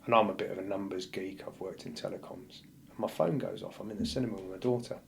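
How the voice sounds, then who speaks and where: A man's voice: low voice, steady tone, fast, vocal fry, slight background noise. A male firefighter, a podcast guest, telling a painful personal story bluntly and vividly, acting out what people said. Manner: blunt, vivid retelling that acts out the dialogue.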